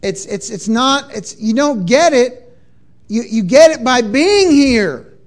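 A man's voice: very high voice, animated, slow. A man preaching a sermon to a congregation in a church, emphatic, asking the crowd to repeat words and answer back. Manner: call-and-response with congregation, emphatic.

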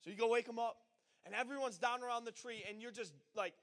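Young guy preaching, pretty high voice, super animated, acts out little voices in his story. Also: fast. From northern US. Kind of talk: sermon.

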